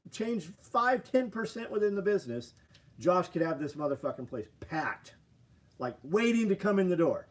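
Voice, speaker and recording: A man hosts a casual livestream, reading viewer comments and ranting. His speech is blunt and profane, at an ordinary mid pitch. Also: a little mellow. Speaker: livestream host.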